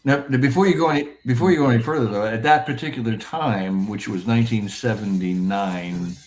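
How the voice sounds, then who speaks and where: An older man who used to run a radio station's programming chats with old colleagues. His voice is low, and he often cuts in to steer the others' stories. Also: fairly quick, darkish tone. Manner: interjecting, prompting others. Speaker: former radio program director. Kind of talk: casual reminiscing chat.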